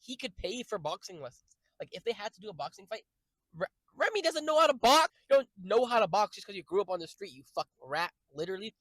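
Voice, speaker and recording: A young man streaming, rambling through jokey, profane tangents with sudden loud outbursts. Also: sits high, sing-song, fast, dry recording, poor audio. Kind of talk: casual rambling stream chat.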